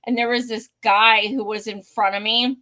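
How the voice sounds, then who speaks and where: A woman co-hosting a podcast, telling profane, animated stories in casual chat and acting out what people said. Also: fairly high pitch, normal speed, muffled recording. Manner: profane, animated anecdotes with acted-out quotes. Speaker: podcast co-host.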